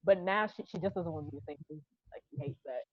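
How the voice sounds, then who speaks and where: A woman's voice: deep voice, fast talker, husky, no echo. A young woman from Charleston, South Carolina, co-hosting a casual podcast chat and telling stories frankly, often quoting people. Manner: frank storytelling, quotes others in voices. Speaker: podcast co-host. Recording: dull, lo-fi podcast audio.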